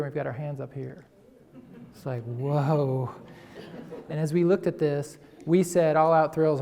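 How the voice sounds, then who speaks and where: A man presenting a tourism marketing campaign to an audience, energetically pitching ideas and playing on words. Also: vocal fry, darkish tone. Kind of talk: presentation to local business audience.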